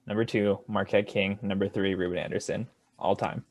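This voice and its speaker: A man's voice: lowish voice, little pitch movement, moderate pace, no room sound. Teasing young man, dry sound. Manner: teasing, joking. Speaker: podcast co-host. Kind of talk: casual sports podcast chat.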